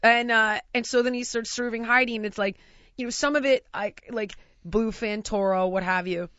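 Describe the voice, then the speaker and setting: A woman from the United States telling a long funny story in casual chat, animated and often laughing as she acts out what people said. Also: fairly high pitch, moderate pace, dry recording. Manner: animated, laughs through her own story, acts out quotes. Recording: dry, slightly dull lo-fi sound.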